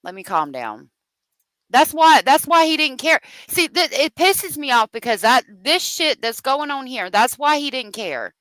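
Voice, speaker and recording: Woman host for unscripted true crime commentary: lively pitch that swings hard, bright edge, swearing and worked-up. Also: a little slow, no echo, rough recording. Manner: profane, exasperated ranting.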